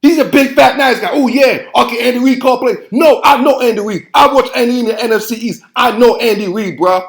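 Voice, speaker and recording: Hyped-up guy ranting football, high voice, echoey room, keeps saying man. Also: a little fast, creaky. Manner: fired-up, preachy, repeats phrases and says "man" constantly. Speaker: sports show host. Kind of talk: heated football commentary.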